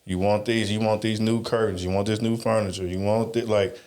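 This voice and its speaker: A man's voice: on the low side, little pitch movement, brisk, darkish tone. A man co-hosting a podcast, talking in rambling, emphatic runs with frequent restarts and asides. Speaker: podcast co-host. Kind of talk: casual podcast chat.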